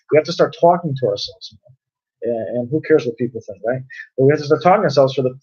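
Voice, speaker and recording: A man's voice: mid-range voice, a little mellow. A man teaching a conversational Torah class, explaining with everyday examples and often repeating and restarting his phrases. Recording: dull lo-fi recording.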